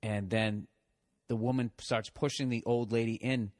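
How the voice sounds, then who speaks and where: A man's voice: medium pitch, steady tone, normal speed, darkish tone, dry recording, clean studio sound. A middle-aged man hosting a podcast, telling a rambling, self-mocking comic story full of swearing and laughing through it. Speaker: podcast host.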